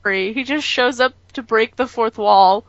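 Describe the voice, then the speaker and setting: A woman's voice: fairly high pitch, measured pace, lo-fi sound, a crowd in the background. A woman co-hosting a podcast in casual chat, rambling with lots of fillers and the odd swear over a call. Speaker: podcast co-host.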